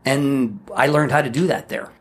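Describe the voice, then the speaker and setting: A man in his fifties, a podcast co-host chatting casually and telling animated personal stories, acting out voices as he goes. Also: medium pitch, moderate pace, slightly rough. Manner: animated storyteller who acts out voices and laughs along.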